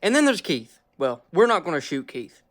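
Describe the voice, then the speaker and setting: A young man, narrating and explaining his hunt with folksy excitement. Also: a little high, loud music behind the voice. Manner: excitable, folksy, quick bursts of speech. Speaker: hunting vlogger. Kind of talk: energetic vlog narration and explanation.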